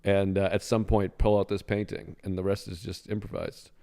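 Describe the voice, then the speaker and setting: A man's voice: low voice, little pitch movement, normal speed, warm tone, clear, resonant tone. A man, a guest comedian, chatting eagerly on a podcast and quoting lines in character. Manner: enthusiastic, quotes lines in character. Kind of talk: casual podcast chat.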